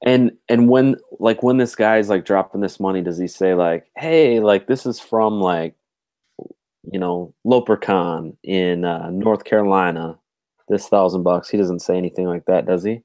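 A man's voice: sits low, moderate pace, dark tone. A man hosting a casual podcast over a video call, easygoing and curious, often calling his co-host "dude".

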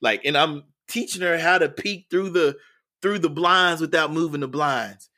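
Male educator guest, earnest storyteller, mid-pitched, repeats himself as he builds. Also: normal speed, sharp tone. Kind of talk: storytelling in a podcast interview.

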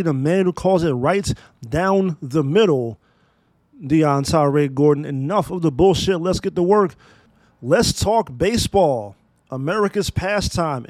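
A man's voice: on the high side, darkish tone, no room sound. A man in his thirties from Maryland hosting a solo podcast, talking in a blunt, profane, emphatic way. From Maryland, USA. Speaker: podcast host. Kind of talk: opinionated solo podcast monologue.

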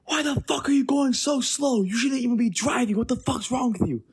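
A young man doing a furious old man who yells, swears and scolds. The voice jumps far above the speaker's own and stays loud and hostile. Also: very high voice, brisk, slightly rough, pitched above the performer's own voice, full character voice. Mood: angry yelling. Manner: yelling, profane, scolding.

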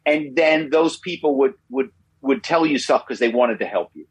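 A man in his fifties, a guest in an interview, telling stories in an animated way, often repeating himself and adding tag questions. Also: mid-range voice, moderate pace, breathy edge, no echo, low-quality recording. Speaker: guest, former corporate spy. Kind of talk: interview storytelling.

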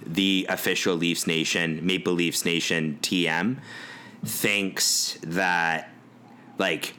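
A man's voice: low-pitched, steady tone, slow pace, sharp tone, a little hiss or hum. A young man co-hosting a casual sports podcast, joking, swearing and rambling. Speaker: podcast co-host.

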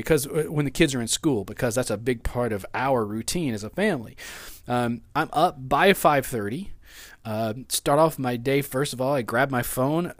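A male pastor preaching a sermon, reading scripture and telling the story with animated asides to the congregation. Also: medium pitch, dry recording.

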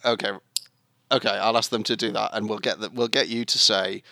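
A Geordie man co-hosting a relaxed podcast, full of teasing jokes. His voice has a gravelly, crackly edge. The recording is dry and close. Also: on the low side, a little fast, dry recording. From North East England. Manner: joking, teasing. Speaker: podcast co-host. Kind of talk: casual chat.

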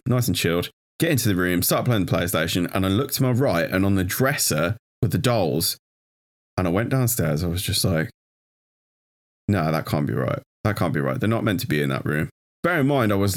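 A young man co-hosting a podcast, telling a childhood story in casual chat with dry, teasing banter. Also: sits low. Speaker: podcast co-host.

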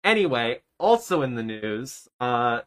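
A man's voice: mid-range voice, sing-song, unhurried, a bit bright, low-quality recording. A man co-hosting a podcast, chatting casually in a rambling, profane way that often trails off. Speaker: podcast co-host. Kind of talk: casual commentary chat.

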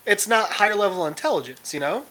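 Expressive speaker with lively, wide-ranging pitch. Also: quick pace, low-quality recording. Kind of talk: casual movie discussion.

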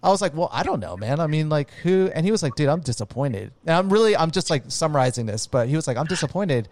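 A man's voice: on the high side, sing-song, fast talker, a little mellow. A man telling a long story in casual chat, rambling with lots of "like" and "dude" and casual swearing.

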